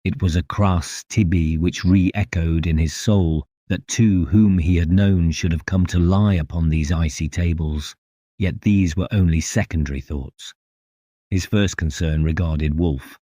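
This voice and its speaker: Very deep, dark-voiced male narrator. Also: a little slow, dry recording, clean studio sound. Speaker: audiobook narrator. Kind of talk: scripted narration of a classic horror story.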